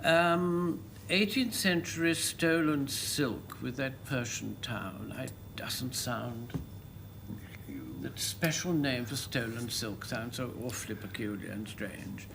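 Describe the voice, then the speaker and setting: A man's voice: mid-range voice, slow, creaky, background noise. An older man, a team captain on a panel game, talking in a fussy, genteel way.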